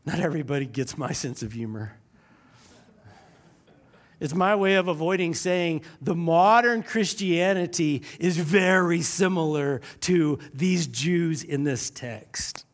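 A man preaching a sermon, slowing down to stress key lines and using dry sarcasm. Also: fairly high pitch.

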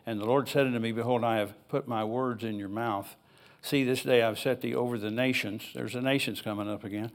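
A man's voice: medium pitch, fairly even intonation, a little fast, few pauses. An older man preaching a sermon in a church, reading scripture aloud and rambling into personal asides in an easygoing, conversational way. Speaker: pastor.

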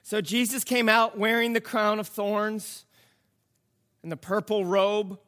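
A man preaching a sermon, reading scripture and explaining it in a slow, dramatic way that builds to emphatic outbursts. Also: high-pitched, level tone, pushed and bright. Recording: long hall reverb.

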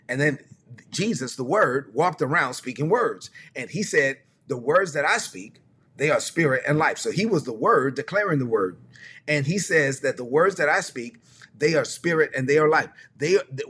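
A man's voice: mid-range voice, a bit bright, a little hiss or hum. A man preaching a livestreamed teaching sermon, emphatic and conversational, repeating his key phrases.

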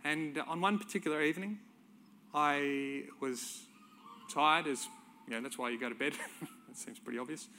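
A man's voice: on the high side, moderate pace, long pauses, bright, forceful tone, slight background noise. A middle-aged man, preaching a sermon by telling a personal story in a conversational way, chuckling now and then.

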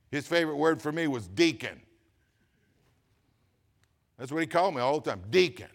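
An older man preaches a sermon. His fairly high voice rises and falls with lively swings, dropping to low asides and then climbing to loud, emphatic lines. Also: normal speed, gravelly, pauses often. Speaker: pastor.

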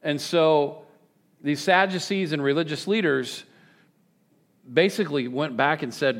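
Lively joking pastor, high voice. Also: male voice, a little slow, pauses often. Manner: animated, joking, prompts congregation to respond. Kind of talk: sermon. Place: church service with congregation.

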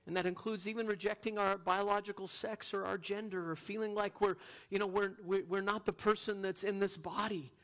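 Earnest pastor swinging loud to hushed. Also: male voice, sits high, steady tone, brisk, hardly any pauses. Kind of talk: sermon.

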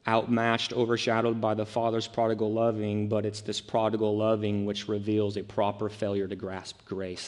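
A man's voice: on the low side, darkish tone. A male pastor preaching a sermon, emphatic and full of rhetorical questions. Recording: echoey hall.

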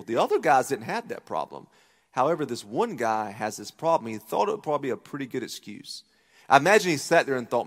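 A man preaching a sermon as pastor, animated, acting out voices as he retells a story. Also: medium pitch, quick pace, in a large hall. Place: church auditorium.

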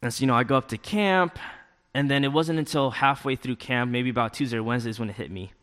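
A young man tells a personal testimony at a church youth event in a relaxed, chatty way. He fills his talk with casual fillers and acts out his own inner thoughts as he goes. His voice sits at an ordinary pitch and rings out with a long hall echo. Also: fast talker.

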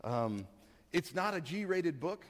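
A man preaching a sermon as pastor, telling a story in an animated, rambling way with many fillers. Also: fairly high pitch, takes it slowly. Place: church hall. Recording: long reverb of a church hall.

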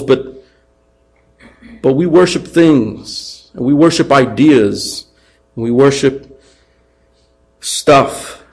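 Male pastor, sermon, animated delivery, raised mocking quotes, mid pitch. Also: creaky, rough recording. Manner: animated, acts out taunts in raised voice.

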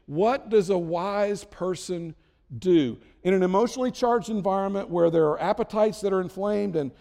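A man's voice: high voice, normal speed, creaky, warm tone, big-room sound. A middle-aged man preaching a sermon as a pastor, conversational and self-deprecating with jokes.

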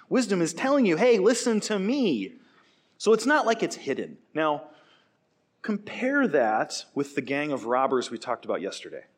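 A man in a young adult age range preaching a sermon with animated delivery, acting out quoted voices now and then. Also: mid-range voice. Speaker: pastor.

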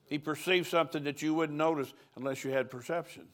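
A man's voice: fairly high pitch, fairly even intonation, a little fast, fairly bright tone. An older man, a pastor, preaching at a conference in a folksy, storytelling way, chuckling between lines.

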